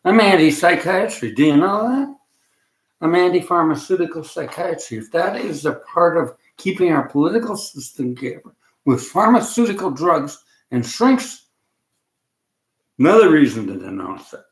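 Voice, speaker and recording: A man's voice: a little high, very animated, normal speed. A man from Canada ranting to camera, rambling and agitated, often breaking off mid-sentence. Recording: echoey room.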